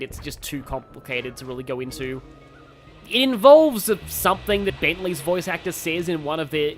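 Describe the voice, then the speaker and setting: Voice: medium pitch, fairly bright tone. A streamer giving casual, rambling let's play commentary, reading chat aloud with lots of fillers. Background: game audio.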